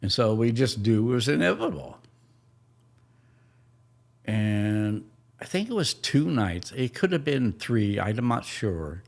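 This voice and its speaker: A man recounts a family memory on a podcast, his voice low and full of gravel. He moves slowly, pausing and searching for words, tender throughout. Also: very animated. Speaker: podcast host. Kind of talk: personal storytelling.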